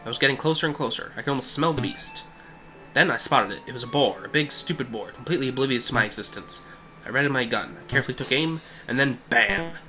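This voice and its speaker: A man's voice: mid-range voice, fast, pushed and bright, a little hiss or hum, natural voice. A man reading as a boastful hunter. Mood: storytelling. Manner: storytelling, self-assured. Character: boastful male hunter telling a tale.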